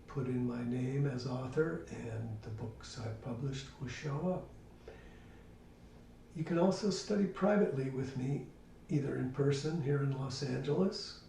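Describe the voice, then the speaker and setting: A man's voice: medium pitch, unhurried, vocal fry. An older man giving a spoken drum lesson, explaining step by step and counting rhythms aloud. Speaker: drum teacher. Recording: echoey room, distant mic, loud hiss.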